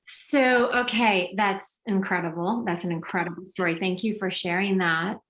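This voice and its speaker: A woman's voice: mid-range voice, steady tone, moderate pace, fairly bright tone. A woman hosting a podcast interview, asking questions eagerly and searching for how to word them. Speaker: podcast host. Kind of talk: casual interview.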